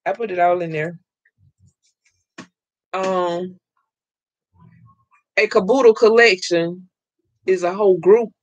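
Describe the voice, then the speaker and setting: Loud, excitable woman crafting host. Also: fairly low pitch, slow, pauses often, no echo, dull audio. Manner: loud and excitable, laughs often. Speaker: live-stream crafting host. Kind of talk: casual live-stream chat, reading viewer comments.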